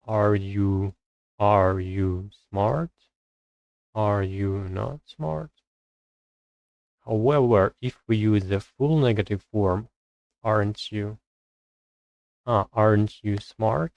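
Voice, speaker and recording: A man on a live stream working through English grammar exercises, reading rules aloud and thinking out loud with hesitant pauses as he searches for words. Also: lowish voice, creaky, dry recording, highs cut off.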